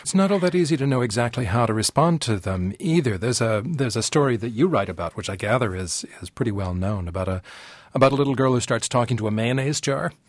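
A man's voice: medium pitch, expressive, quick pace, no room sound. Conversational male interviewer, dry sound. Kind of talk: radio interview.

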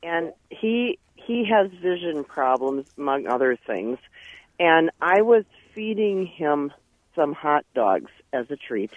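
A man calling in to a radio show, telling an animated story with laughs, heard over the telephone. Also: fairly high pitch, slow, no echo. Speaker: caller. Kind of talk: call-in story. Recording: tinny phone line.

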